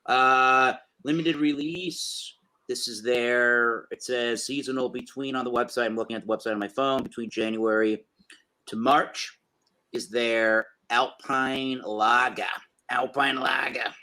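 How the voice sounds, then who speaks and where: A man's voice: mid-range voice, steady tone, normal speed, pushed and bright, low-quality recording. A man hosting a casual beer review show, rambling through tasting notes with plenty of fillers.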